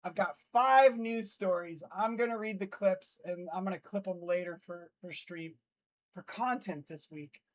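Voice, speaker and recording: A drowsy livestream host who sounds like they just woke up, mixing casual chat with viewers and news read-outs. They stumble and restart sentences when they slip. The voice sits at an average pitch and comes through a noise-cancelled streaming mic. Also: measured pace. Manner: groggy, restarts lines after slips. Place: indoor streaming setup in Los Angeles.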